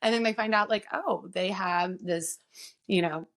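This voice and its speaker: A woman guest on a podcast who speaks earnestly and reflectively, often pausing with "um" as she gathers her thoughts. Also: mid-range voice, a bit bright. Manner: earnest, reflective, pauses with frequent "um". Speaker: guest, insurance agency owner. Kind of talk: casual podcast conversation.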